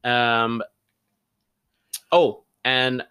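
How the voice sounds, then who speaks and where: A man's voice: medium pitch, fairly even intonation, extremely slow, bright, forceful tone, clear, resonant tone. A young man co-hosting a film podcast, retelling a movie plot in a loose, chatty way with casual swearing. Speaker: podcast co-host. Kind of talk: casual chat.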